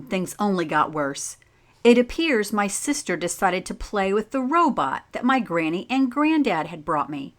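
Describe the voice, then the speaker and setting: A woman reads a story aloud at an unhurried, very slow pace. She speaks clearly and deliberately and stops now and then to put gentle questions to young listeners. Her voice sits at an ordinary middle pitch. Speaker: teacher reading aloud.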